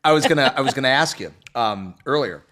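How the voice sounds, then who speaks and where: A male talk show host chatting in a TV studio. He is playful and jokey, and he likes to act out movie scenes. His voice rises and falls with lively swings. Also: mid-range voice, fast talker. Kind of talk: casual studio chat.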